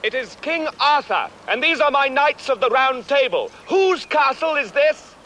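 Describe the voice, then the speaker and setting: A stately king, speaking in a formal, commanding way. The voice sits high and bright and moves lively across its range, in a comedy film scene. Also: normal speed, slight background noise, full character voice. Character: stately English king leading knights, adult man.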